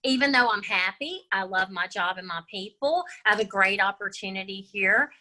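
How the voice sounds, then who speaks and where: A woman's voice: medium pitch, moderate pace, bright, forceful tone, low-quality recording. A woman guest in a casual conversation, talking in an upbeat, encouraging way and telling stories with animation.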